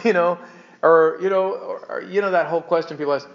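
Male pastor, slightly high, chatty and joking from the pulpit, dull lo-fi church recording. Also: steady tone, brisk. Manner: chatty, joking, stumbling restarts. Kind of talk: conversational sermon.

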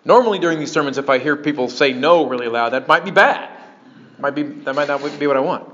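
A man preaching a sermon as pastor, animated and breaking into joking asides to his congregation. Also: fairly high pitch, fast. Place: church sanctuary. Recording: dull lo-fi sermon recording.

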